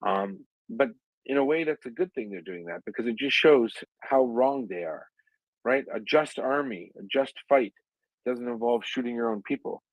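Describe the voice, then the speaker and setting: A man's voice: mid-range voice, dry recording. A man speaking in an impassioned, heated way on a live audio chat, rambling with many fillers and restarts. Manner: heated and indignant. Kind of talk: impassioned advocacy talk. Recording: dull lo-fi online audio stream.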